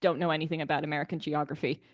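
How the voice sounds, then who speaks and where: A woman's voice: low voice, level tone, rapid-fire. A woman co-hosting a podcast, enthusiastically discussing a film in casual chat, filling her talk with "like". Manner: enthusiastic, many fillers like "like". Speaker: podcast co-host.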